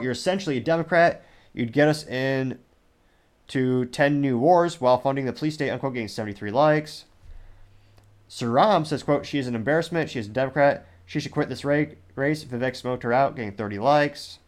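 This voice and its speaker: A man hosting a podcast, reading viewer comments aloud in casual commentary with wry, incredulous asides. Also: mid-range voice. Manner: wry, incredulous, reads quotes in a flat listing way. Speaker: podcast host.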